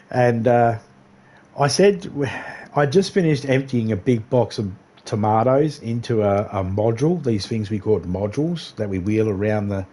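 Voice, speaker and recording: A man's voice: fairly low pitch, darkish tone. A man on a game livestream casually telling a rambling, profane story and laughing often. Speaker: livestream gamer.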